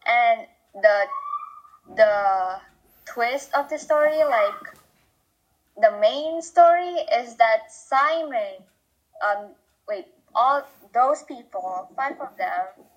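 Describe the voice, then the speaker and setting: A woman's voice: on the high side, dull audio. A teenage girl chatting casually on a video call, summarizing a book with lots of likes. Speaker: student presenting a book.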